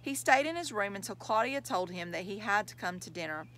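Woman reader, children's novel, lively pitch, expressive. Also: brisk, slight background noise, rough recording. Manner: expressive storytelling. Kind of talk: reading a children's novel aloud.

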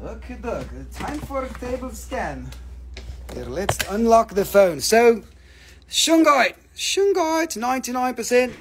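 A man with a notably high voice runs a live crystal sale, jumping from price to price in loose patter. He jokes around constantly and swears freely, rambling as he goes. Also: lively intonation, a little slow, a little hiss or hum. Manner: joking, profane, rambling. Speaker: livestream crystal seller.

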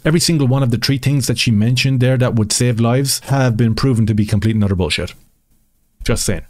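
A man's voice: mid-range voice, brisk, no room sound, studio quality. A man hosting a commentary channel, talking in a combative, sarcastic way with mocking rhetorical questions. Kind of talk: opinionated commentary over screen reading.

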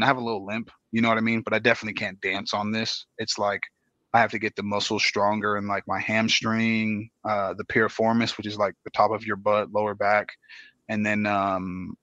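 A man in his thirties, a dance guest, talking in a relaxed, slangy way with many fillers. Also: lowish voice, dry recording, dull audio. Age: 30s. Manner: laid-back, slangy, lots of fillers. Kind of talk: casual podcast chat.

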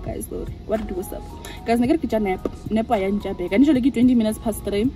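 A woman's voice: a little high, fast, dark tone, faint music behind. Chatty young woman vlogging. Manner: chatty, rambling, keeps saying "guys". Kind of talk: casual vlog chat.

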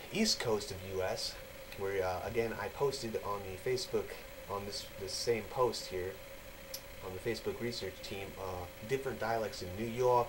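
A man's voice: lowish voice, noisy background. A man from the United States giving a casual, rambling explanatory talk for his video channel, full of fillers and restarts. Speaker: vlogger.

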